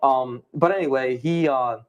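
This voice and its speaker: A young man, a podcast guest, telling a story in animated, fast casual conversation and swearing often. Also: mid-range voice, muffled recording.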